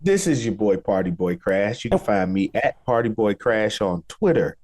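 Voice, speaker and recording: A man with a Chicago accent chatting casually as a podcast guest, easygoing and relaxed. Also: lowish voice, moderate pace. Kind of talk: casual chat.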